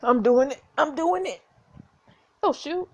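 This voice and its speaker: A woman hosting a gaming video, reading a story game aloud and reacting in an excitable, giggly, gushing way. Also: high-pitched, measured pace, dull audio.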